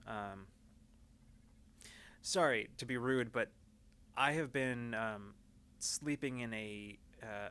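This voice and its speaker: A worn-out, wry crewman, as a man game master plays him in a tabletop game. He talks with plain, tired humor in a bright, forward voice pitched in the middle. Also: slow, pauses often, smooth. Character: weary, dry-humored returning man.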